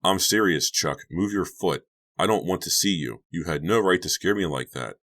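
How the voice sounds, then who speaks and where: A man's voice: sits low, lively intonation, normal speed, fairly bright tone, exaggerated voice. A man voicing a frightened, angry teenage girl babysitter in an audiobook, speaking sharply and insistently. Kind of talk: audiobook character voice.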